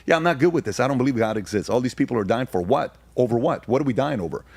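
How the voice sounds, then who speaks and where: A man's voice: mid-range voice, lively intonation, creaky, darkish tone, no echo. A middle-aged man from Iran, a podcast guest, telling stories in an emphatic way and hammering points through repetition. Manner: emphatic, rapid-fire repetition. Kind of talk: casual storytelling.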